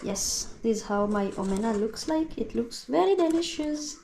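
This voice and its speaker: A woman's voice: fairly high pitch, expressive, moderate pace, vocal fry. Chatty Kenyan woman cooking outdoors. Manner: chatty, addresses viewers directly. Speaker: vlogger. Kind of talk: casual cooking vlog. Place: village home outdoors. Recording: echoey with loud background noise.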